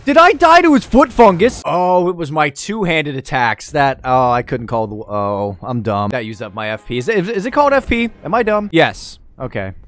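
A young man commentating his own boss fight in a video game, excitable and quick to yell and laugh. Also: on the high side. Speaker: gaming YouTuber. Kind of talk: let's play commentary.

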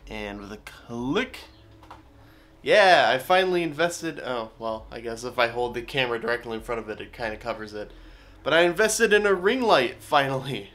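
Sitting indoors at a desk with a monitor, a man chats casually to camera while reviewing a coffee. His voice is medium-pitched, expressive and a bit bright at a moderate pace, and he rambles and swears offhandedly as faint music plays behind him.

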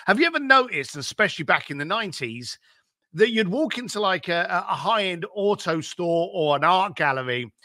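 A man being interviewed as an entrepreneur, giving blunt, energetic business advice and swearing casually. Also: high voice, moderate pace, dry recording, studio quality. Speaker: entrepreneur guest.

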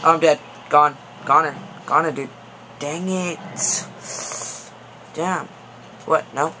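Excitable young man, panicky game commentary. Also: on the high side, slow, faint music behind. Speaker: gaming video host. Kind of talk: gameplay commentary. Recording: noisy background.

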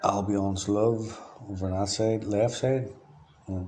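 A man from Ireland speaks in a low, monotone voice, rambling through a diary-style monologue. He free-associates, sliding from one word to the next in a flat, matter-of-fact delivery. A faint hum of noise sits behind him. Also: slow. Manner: free-associating, drifts between words. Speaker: diarist.

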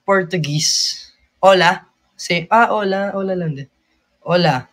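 A man's voice: high voice, measured pace, fairly bright tone. Giggly young man with a Filipino accent. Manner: playful, giggly, mixes languages. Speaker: livestream host. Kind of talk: casual live chat. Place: at home.

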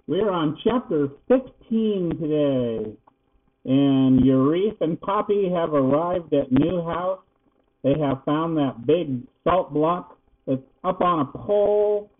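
An older man, a grandfather, reading a children's book aloud in a gentle, unhurried way. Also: a little high, expressive. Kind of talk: storybook read-aloud. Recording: tinny phone-like sound.

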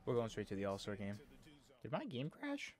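A man's voice: fairly low pitch, wildly swooping pitch, normal speed, a little mellow. Man grumbling through gameplay commentary. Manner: exasperated, complaining aloud at the game. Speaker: video game commentator.

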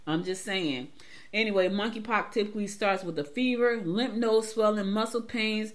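A woman's voice: medium pitch, moderate pace. A middle-aged woman from Georgia, hosting a morning show in a chatty, emphatic way and repeating herself as she talks straight to listeners. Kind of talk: casual talk-show commentary.

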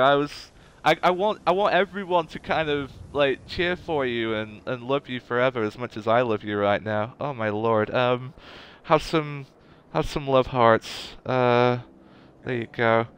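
A man's voice: mid-range voice, measured pace, fairly bright tone, clear, resonant tone. A man streaming a game live, chatting casually and gushing emotionally to his viewers.

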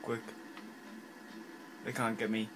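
A man giving casual gameplay commentary in an excitable, self-mocking way, reacting quickly to what happens on screen. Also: fairly low pitch, noisy background. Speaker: gaming channel host.

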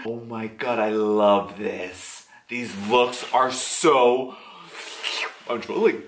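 A man hosting a music video reaction, gushing and swearing with shrieking exclamations, over loud music in an echoey room. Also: mid-range voice, animated, very slow. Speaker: YouTube reaction host. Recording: roomy echo with loud music. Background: loud music video playing.

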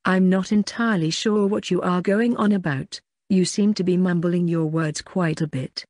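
A woman voicing a young adult man, a patient but scolding older brother, in an audiobook, speaking in a measured, chiding way. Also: fairly low pitch, fairly even intonation, darkish tone, no echo, studio quality, lightly acted. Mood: puzzled. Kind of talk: audiobook character reading.

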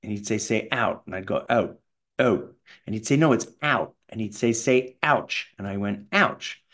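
A middle-aged Canadian man telling animated stories in an interview, acting out the people in them. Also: on the low side, brisk. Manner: animated, does voices of people in his stories. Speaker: voice actor guest. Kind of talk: anecdotal interview storytelling.

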